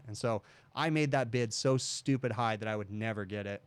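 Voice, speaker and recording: A man's voice: on the low side, fairly quick, clean tone, dry recording. A man hosting a casual livestream, telling a long story in a rambling way and often checking in with "okay?". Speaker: livestream host, HVAC technician.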